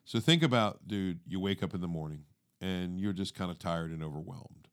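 A man co-hosting a faith podcast, explaining scripture in a casual, animated way and acting out everyday inner thoughts. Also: low-pitched, a little fast. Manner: animated, acts out inner monologue; calls listener "dude". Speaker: podcast co-host. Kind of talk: conversational teaching.

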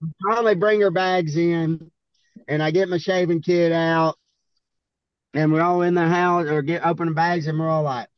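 Man, Southern accent, from Arkansas, high-pitched, profane storyteller, dry sound. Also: steady tone, moderate pace, smooth, dry recording, muffled recording. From Arkansas, USA. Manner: profane, laid-back drawl, laughing storyteller. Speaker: podcast guest, bull rider. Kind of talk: casual storytelling.

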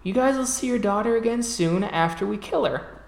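A woman's voice: mid-range voice, animated, fairly quick, vocal fry, a little mellow, roomy sound, voice pushed up. The game master voicing a young woman werewolf traitor who speaks with cold, matter-of-fact cruelty.

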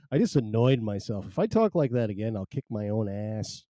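A man hosts a solo live stream, rambling along with wry, self-deprecating asides. His voice sits low and very dark. The sound is dry and close. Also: sing-song, normal speed, hardly any pauses, dry recording.

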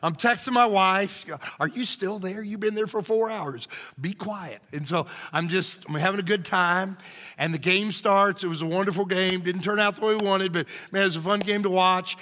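A man pastor, telling an animated, joking story in a sermon. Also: high voice, moderate pace, in a large hall. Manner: animated, jokey, acts out shouting crowds.

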